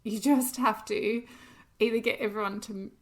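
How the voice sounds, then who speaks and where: A woman's voice: fairly high pitch, fairly even intonation, normal speed. A woman co-hosting a podcast, chatting casually and practically with frequent laughs. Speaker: podcast co-host. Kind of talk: casual chat.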